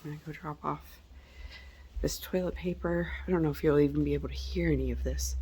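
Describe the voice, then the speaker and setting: A woman's voice: low-pitched, quick pace, warm tone. A middle-aged woman chatting casually and rambling through a home vlog. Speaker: vlogger. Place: home, indoors. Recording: noisy home recording.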